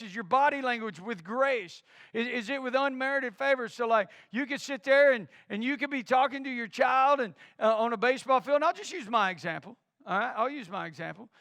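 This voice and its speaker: A man's voice: very high voice, bright, forceful tone, no room sound. A middle-aged man preaching a sermon as a pastor, who drives his point home with repeated rhetorical questions.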